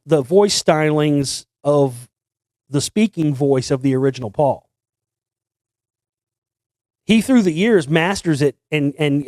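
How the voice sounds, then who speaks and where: Rambling man talking, slightly high. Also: a little mellow, dry recording. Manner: rambling, many restarts, sings snippets. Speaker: host. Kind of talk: casual monologue.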